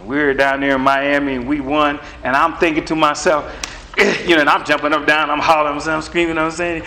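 A middle-aged man delivers a sermon in an animated, conversational style. His voice sits somewhat high, and a faint hiss of room noise runs underneath. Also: fairly quick, rough recording. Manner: animated, conversational, acts out dialogue with God. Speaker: preacher.

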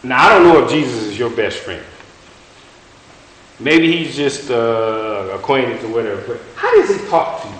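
A man preaching a sermon in a folksy, halting way, often restarting and repeating words, and putting rhetorical questions to his listeners. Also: medium pitch, expressive, a bit bright. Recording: very echoey room with faint hiss.

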